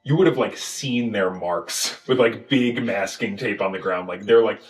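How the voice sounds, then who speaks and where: A man with a fairly low voice talks through a film recap with loose, animated energy, jumping into goofy character voices as he goes. The room has a noticeable echo, and faint music plays underneath. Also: moderate pace. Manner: animated, acts out scenes in silly voices. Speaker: podcast host. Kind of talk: casual movie recap chat.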